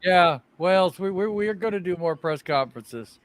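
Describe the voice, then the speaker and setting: A man's voice: sits high, moderate pace, crowd noise. A middle-aged man co-hosting a casual sports livestream, giggly and chatty. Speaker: co-host.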